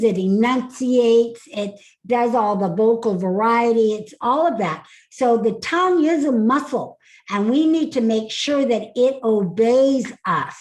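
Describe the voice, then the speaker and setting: A woman's voice: on the high side, rough recording. A woman speaking coach leading a live online masterclass, upbeat and laughing often, calling on attendees by name.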